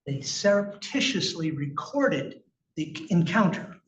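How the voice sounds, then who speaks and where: A man giving a conversational, emphatic conference presentation about clinical research with slides, asking rhetorical questions as he goes. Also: a little high. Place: conference room. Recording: echoey, distant, muffled room recording with faint noise.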